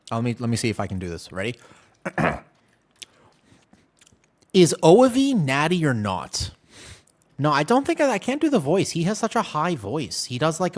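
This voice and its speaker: A man streaming a game, chatting casually with his viewers in quick, jumpy banter. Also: mid-range voice. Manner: animated, jumpy banter with chat. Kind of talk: casual chat while gaming.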